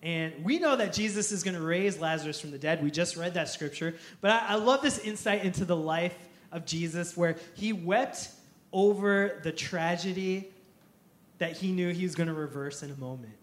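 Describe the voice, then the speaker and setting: A male pastor preaching a sermon, telling a story in an animated way and acting out quotes with laughter. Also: high voice, normal speed, roomy sound.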